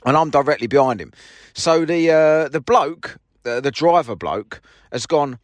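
A man tells a story in a lively, swooping voice, mocking and full of swearing as he acts out both sides of a quarrel. He sits in his parked car, and the sound is close and dry. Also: fairly high pitch, measured pace, no echo. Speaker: podcast host. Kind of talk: casual storytelling monologue.

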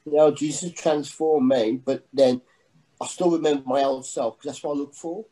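Earnest man with a mellow voice. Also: medium pitch, steady tone, poor audio. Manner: halting, earnest, many restarts. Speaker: guest sharing testimony. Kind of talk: emotional personal testimony.

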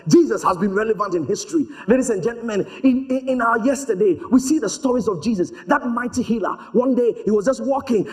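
A man preaching a sermon, telling stories in an animated way and slipping into voices for the people in them. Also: very high voice, a little fast, hardly any pauses. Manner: animated storytelling, acts out voices.

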